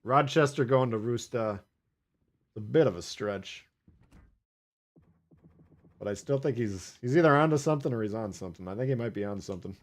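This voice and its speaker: A man's voice: medium pitch, normal speed, long pauses. A man streaming live gameplay, chatting casually with viewers, swearing and laughing as he plays.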